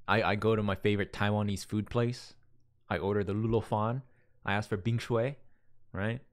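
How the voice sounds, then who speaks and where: Speaking at a moderate pace with fairly even intonation, this low-voiced livestream host from Las Vegas, USA, talks casually with his live audience. He wanders off topic, starts sentences over, and reads out viewers' messages.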